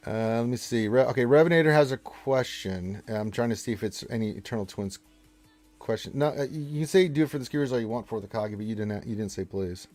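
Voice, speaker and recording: A man's voice: medium pitch, quick pace, a little mellow, faint music behind. A man hosting a casual live game stream, reading the chat aloud and teasing viewers with mock-stern playfulness.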